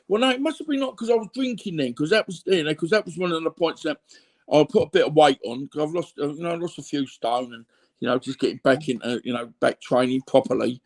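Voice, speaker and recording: Man, Cockney accent, middle-aged, earthy, rambling, repeats himself, slightly high voice. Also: fast, darkish tone. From London, England. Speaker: guest. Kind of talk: candid conversational storytelling.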